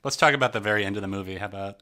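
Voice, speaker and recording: A man's voice: lowish voice, racing, pushed and bright. A man co-hosting a casual movie podcast, rambling with many fillers and sarcastic asides, laughing often. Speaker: podcast co-host.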